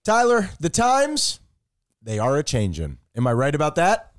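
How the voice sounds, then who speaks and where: A man's voice: on the high side, huge pitch swings, moderate pace, dry recording, clean studio sound. A man co-hosting a comedic chat show with his brother, joking and playful. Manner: jokey, playful sung intro. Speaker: podcast co-host.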